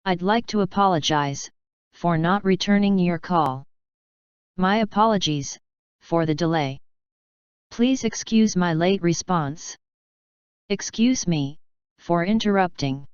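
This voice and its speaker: Slow, very clear woman reading phrases. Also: lowish voice, no echo, lo-fi sound. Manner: slow, careful, evenly spaced delivery of short phrases. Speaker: English teacher. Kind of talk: reading example phrases aloud.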